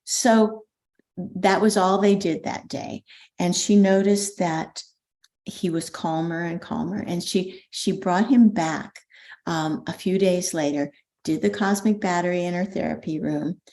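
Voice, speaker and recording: An older woman with a slightly low voice tells a story to her listeners. She is a spiritual teacher who talks in an animated way and often pauses on "um" or starts a sentence over. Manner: animated storyteller, frequent ums and restarts. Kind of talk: storytelling talk.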